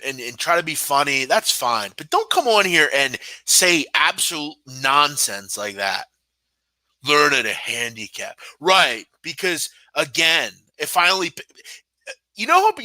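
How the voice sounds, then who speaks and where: A young man hosts a betting show with a bright, hard-edged voice that swings up and down in pitch. He rants sarcastically and swears a lot. The sound is dry and close, with no room behind it. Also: sing-song, normal speed, no room sound. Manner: profane, exasperated, sarcastic. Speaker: sports betting show host. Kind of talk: live-stream casual rant.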